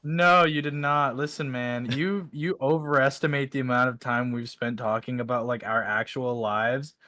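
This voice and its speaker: A man's voice: medium pitch, steady tone, moderate pace, pushed and bright, no echo. A man joining a stream call as a guest, chatting casually, teasing and swearing freely.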